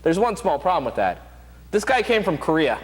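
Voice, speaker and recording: Fast-talking, emphatic man in a reverberant room. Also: fairly high pitch, sing-song. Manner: emphatic, rapid, argumentative. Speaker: show host. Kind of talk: opinionated casual talk.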